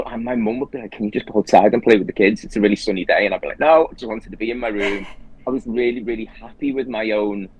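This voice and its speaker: A man's voice: lowish voice, no echo, muffled recording. A man as a guest in a casual conversation, telling a personal story earnestly and quoting his own inner thoughts aloud.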